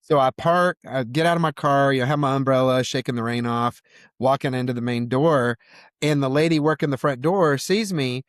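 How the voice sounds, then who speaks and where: A man's voice: medium pitch, steady tone, normal speed, dry recording, studio quality. A man from Georgia, a podcast guest, telling a casual story with lots of fillers. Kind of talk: storytelling in a conversation.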